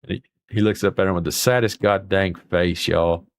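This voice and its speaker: In a deep, steady voice at normal speed, a livestream host chats his way through viewer comments. He rambles folksily and swears mildly, and the recording carries a little hiss or hum.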